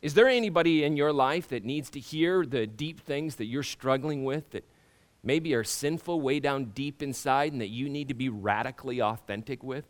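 A middle-aged man preaching a sermon to his congregation, talking in a conversational way with halting restarts and many rhetorical questions. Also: mid-range voice. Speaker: pastor.

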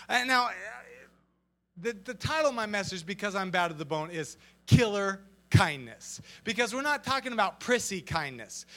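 A man preaching an energetic sermon as pastor, joking and acting out little voices as he goes. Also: high-pitched. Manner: animated and joking, acts out voices.

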